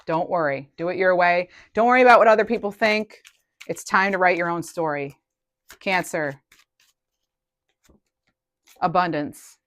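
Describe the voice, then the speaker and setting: A woman's voice: fairly low pitch, measured pace, pauses often, no echo. A woman giving a casual collective tarot reading, chatty and thinking aloud, often trailing off and restarting. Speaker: tarot reader.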